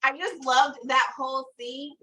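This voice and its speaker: A woman's voice: high voice, fairly even intonation, a little slow, pushed and bright, far from the mic, poor audio. A woman co-hosting a book podcast, enthusiastically talking about a favorite scene. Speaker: podcast co-host. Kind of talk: casual chat.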